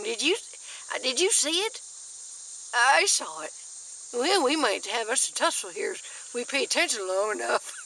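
A woman, chatting in a folksy, easily excited way as she films bugs in her backyard garden on a handheld camera. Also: on the high side, a little hiss or hum, poor audio. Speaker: nature vlogger. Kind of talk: casual nature walk-and-talk.

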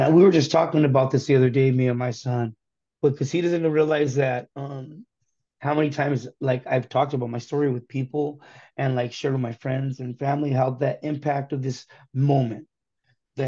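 A man in his thirties from California giving a candid personal testimony, earnest and halting, often restarting his sentences. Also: medium pitch, dark tone, muffled recording. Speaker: guest telling his conversion story.

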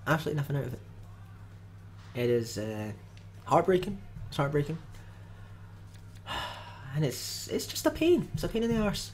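A man's voice: fairly high pitch, very animated, moderate pace, pauses often, a little mellow, a little hiss or hum. A young man giving casual, grumbling commentary with dry jokes as he opens card packs in a game video. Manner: dry, grumbling, jokey asides. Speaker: gaming video host.

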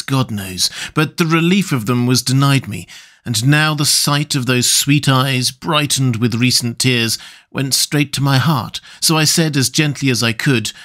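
A male audiobook narrator reading a classic novel in a calm, measured manner. His voice sits at an ordinary mid pitch. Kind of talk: scripted narration.

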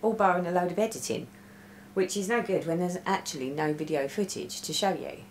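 A woman's voice: on the low side, brisk, a little hiss or hum. A middle-aged woman chatting casually about her stitching, telling a rambling story with lots of restarts. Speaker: cross-stitch vlogger. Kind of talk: casual stitch-along chat. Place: room at home. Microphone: webcam. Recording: roomy echo.

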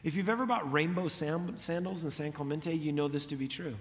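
A man's voice: a little high, a little fast. A middle-aged man preaching a sermon as a pastor, telling stories with animation and acting out the lines he quotes. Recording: long hall reverb.

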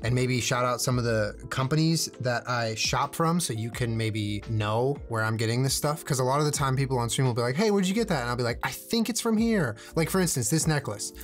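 A young man casually chatting in a vlog, rambling with jokey, self-deprecating asides as he shows off his jewelry. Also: mid-range voice. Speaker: streamer showing his jewelry. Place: indoors at home, on camera.

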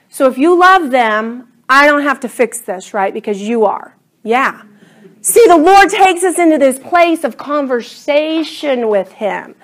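A woman with a lilt leads a Bible study class. Her voice sits a little high, and she talks casually and animatedly, stepping into little acted-out conversations with God as she teaches. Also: animated, a little slow.

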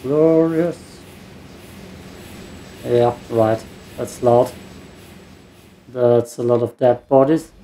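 A man's voice: mid-range voice, level tone, slow, pauses often, dark tone, a little hiss or hum. A man giving casual let's play commentary while gaming, with meandering mumbled asides. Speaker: gaming streamer.

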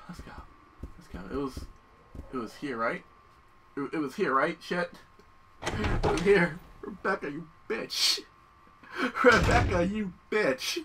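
Excitable, cursing man playing a game. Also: high-pitched, measured pace, pauses often, recorded from a distance, noisy background. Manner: excitable, yells and curses at his game partner; talks himself through each step out loud. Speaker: gameplay commentator. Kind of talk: let's play commentary. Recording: voice a bit off-mic, loud game music behind. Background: video game music.

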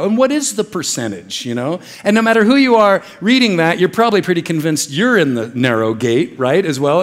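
A young man preaching a casual, joking sermon in a church, acting out little voices as he goes. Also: high voice. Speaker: pastor.

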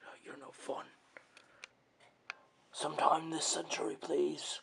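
A performer voicing a sarcastic male Boo ghost in a whispered role-play, with a raspy, creaky whisper. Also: mid-range voice, takes it slowly, fairly bright tone, a little hiss or hum, heavily acted. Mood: impatient. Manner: sarcastic and mocking. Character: scoffing male Boo ghost, a dry mocker.

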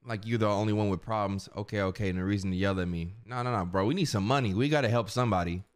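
A man's voice: lowish voice, fast, clear, resonant tone. A young man streaming a video game, chatting casually and full of slang while he reads the game's dialogue aloud. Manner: slangy, rambling, says bro constantly. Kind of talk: casual gameplay commentary.

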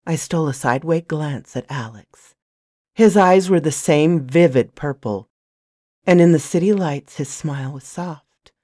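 Low-voiced woman reading a story. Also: measured pace, dark tone, no echo, clean studio sound. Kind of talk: first-person novel narration.

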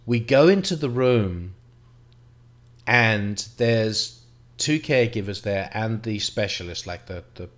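A middle-aged man, telling a painful personal story to camera in a halting, reflective way, with restarts and the odd swear word. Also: on the low side, expressive, fairly bright tone. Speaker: vlogger.

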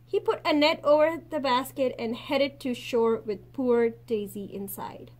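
Reading a picture book aloud, a woman teacher uses lots of expression in her high, clear voice. At the quiet endings she slows down and speaks softly.

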